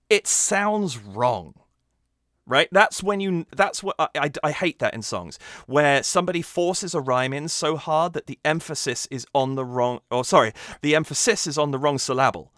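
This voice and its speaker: A man's voice: a little high, lively intonation, moderate pace, fairly bright tone, no room sound, clean studio sound. A man hosting his own channel, talking casually and enthusiastically, with plenty of restarts as he breaks down a lyric. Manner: enthusiastic, analytical, with frequent restarts. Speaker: channel host reacting to a song. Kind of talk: casual talk about musical theatre.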